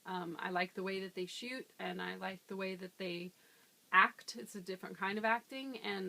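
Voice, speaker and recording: Young woman, bright clear voice, chatty, laughs a lot, casual interview. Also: mid-range voice, steady tone, normal speed. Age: 20s. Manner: chatty, laughs often, many fillers. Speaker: actress interviewee.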